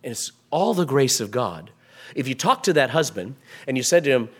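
A man preaching a sermon into a microphone, building from quiet explanation to raised, emphatic passages. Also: mid-range voice, very animated, normal speed, breathy edge. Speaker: pastor. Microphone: microphone at a pulpit.

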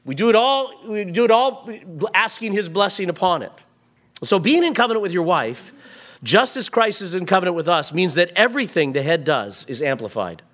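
A man's voice: high voice, sing-song, moderate pace. Man preaching with rising emphasis. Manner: emphatic preaching, swings between quiet and raised passages. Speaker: pastor. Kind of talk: sermon. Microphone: microphone at a pulpit.

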